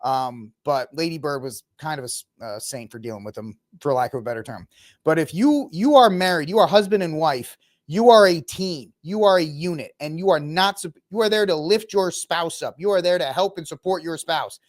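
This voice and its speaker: At normal speed and in a slightly high voice, a Texas man in his thirties delivers opinionated reaction commentary as host. He's animated, trading in mocking asides and impressions.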